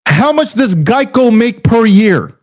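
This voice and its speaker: An extremely high, sing-song voice, taken slowly, belongs to a crypto commentator ranting heatedly about crypto. He swears casually and fires off emphatic rhetorical questions. The sound is dull lo-fi.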